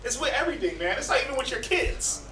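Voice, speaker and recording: A man leads a casual Bible class with lively, fairly high-pitched delivery, slipping into the voices of people he describes. He is picked up from some distance in a reverberant room, with a faint murmur of ambience underneath. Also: fast talker, a little hiss or hum. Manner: animated, acts out quoted everyday voices. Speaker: teacher. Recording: echoey room from far off.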